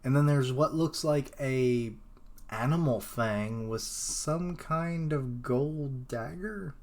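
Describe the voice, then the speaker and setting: A man's voice: mid-range voice, a little mellow. A man reading a comic aloud on a live stream, reacting and joking between panels and slipping into character voices. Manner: slow, chatty, slips into character voices and laughs at himself. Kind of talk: live comic read-along with commentary.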